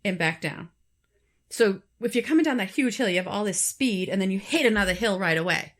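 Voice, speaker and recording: A woman's voice: mid-range voice, lively intonation, a little fast. A woman co-hosting a podcast, casually telling a true story with frequent fillers and restarts. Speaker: podcast co-host.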